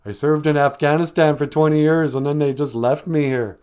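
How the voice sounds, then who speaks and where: A man's voice: on the high side, fairly even intonation, fairly quick, a little mellow, clear, resonant tone, voice pushed up, natural voice. A man doing a pleading stranded interpreter. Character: stranded male war interpreter, pleading, young adult.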